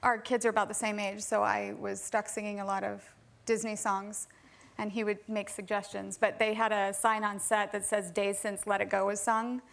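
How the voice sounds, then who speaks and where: A woman's voice: mid-range voice, level tone, normal speed, creaky, a bit bright. A woman chatting as a talk show guest, giggly and self-deprecating. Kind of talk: chat-show anecdote. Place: TV studio with live audience.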